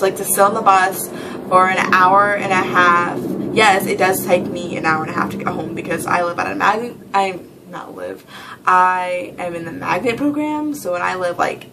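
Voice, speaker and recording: A woman's voice: medium pitch, background noise. A teenage girl ranting casually in a vlog, rambling and exasperated, often laughing. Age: teens. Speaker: vlogger.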